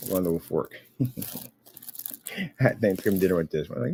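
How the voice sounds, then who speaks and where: A man's voice: sits low, lively intonation, normal speed, creaky, darkish tone, slight background noise. A man vlogging casually from an office room, rambling and chatting to himself and his pet.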